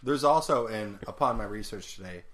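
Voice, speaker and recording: A man's voice: fairly low pitch, normal speed, a bit bright. A man in casual chat, jokey and swearing offhandedly as he drifts between topics.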